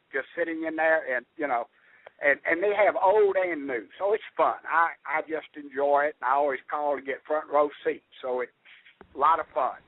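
An older man with a Southern American accent, calling in and chatting in a folksy, halting way. His voice sits a little high. The line is dry, tinny and phone-like. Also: no room sound. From Southern United States. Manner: folksy, halting, with many restarts. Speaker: caller. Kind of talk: casual call-in chat.

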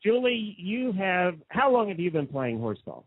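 Hosting a casual radio interview near Lexington in the United States, a man tells stories chattily and with enthusiasm. His high-sitting voice is very animated at a moderate pace, and the dry, narrow recording has a phone-like sound and no echo.

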